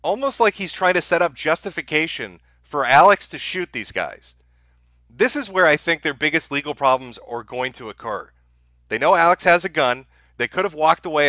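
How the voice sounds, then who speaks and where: A man's voice: fairly high pitch, sharp tone, no room sound. A man giving mocking commentary over a video clip, sarcastic and laughing at the footage. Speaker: online commentator.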